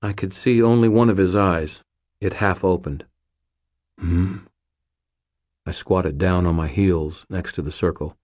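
A man's voice: low-pitched, fairly even intonation, normal speed, a little mellow, no echo, clean studio sound. A man reading a first-person story aloud in a wry, terse, hard-boiled manner. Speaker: audiobook narrator. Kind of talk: first-person scripted narration.

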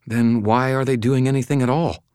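A man's voice: mid-range voice, steady tone, moderate pace, darkish tone, clear, resonant tone, no room sound, studio quality, voice pushed up, lightly acted. A man voicing a tough, wary woman who speaks bluntly in a small toneless voice. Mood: questioning.

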